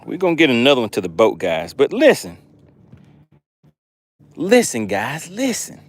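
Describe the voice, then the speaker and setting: A man hosting a fishing livestream from a boat outdoors, excitable, calling out catches and chatting with viewers. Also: medium pitch, normal speed. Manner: excitable, reads chat aloud, exclaims. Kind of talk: live fishing stream chat.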